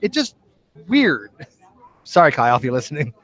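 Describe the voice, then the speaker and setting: A man's voice: a little high, big pitch swings, normal speed, fairly bright tone. An American man hosting a casual video chat, teasing and argumentative. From United States. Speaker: host.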